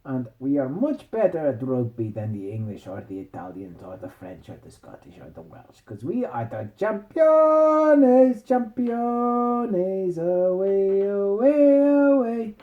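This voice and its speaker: A man's voice: fairly low pitch, lively intonation, normal speed, hardly any pauses, reverberant, narrow, tinny audio, voice pushed down, natural voice. A man doing a boastful, rambling guy. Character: boastful friendly Irish man, rugby fan.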